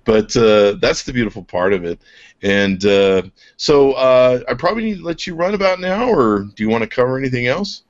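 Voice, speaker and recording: A man's voice: medium pitch, expressive, fairly quick. A man hosting a podcast, enthusiastic and joking as he shows off a product, laughing often. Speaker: podcast host. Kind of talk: casual product chat. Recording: dull lo-fi podcast audio.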